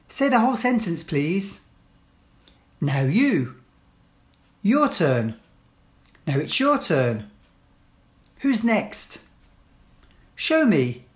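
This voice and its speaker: A woman reads classroom phrases aloud as a language teacher, one short phrase at a time. She speaks slowly and deliberately, with a lively voice that rises and falls. Each phrase comes out clear and carefully spaced. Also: medium pitch. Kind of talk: slow read-aloud list of classroom phrases.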